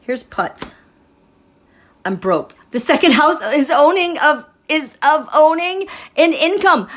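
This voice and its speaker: A woman reading tarot cards live, chatting in an animated way and laughing often. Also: sits high, a little slow. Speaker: tarot reader.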